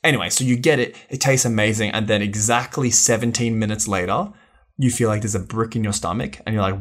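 A man's voice: fairly low pitch, brisk. A man co-hosting a podcast, telling stories and laughing often in casual banter. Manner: laughs often, chatty storytelling. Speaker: podcast co-host.

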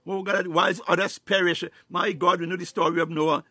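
Man preaching, high bright voice, dry close sound, fervent, exclamations, bursts into tongues. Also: steady tone, a little fast, husky, no echo. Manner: fervent, punctuated with "my God" and "hallelujah"; bursts into tongues, rising to shouts. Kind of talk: sermon.

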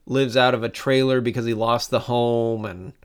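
A man in casual chat as a podcast co-host, retelling movie scenes in an animated, rambling way, with many restarts. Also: mid-range voice, moderate pace, clear, resonant tone.

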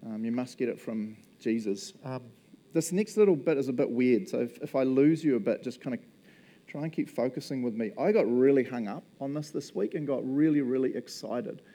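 A man's voice: medium pitch, brisk, warm tone. A man with a New Zealand accent preaching a casual, conversational sermon, chatty and joking as he talks. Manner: chatty, joking, often laughing.

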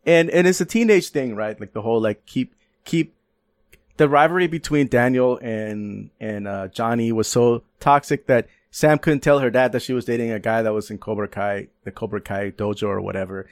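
A man's voice: mid-range voice, moderate pace, no room sound, clean studio sound. A young man from California, a podcast guest, chatting casually with lots of laughter and swearing. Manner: laughing, animated storyteller, swears freely. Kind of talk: casual chat.

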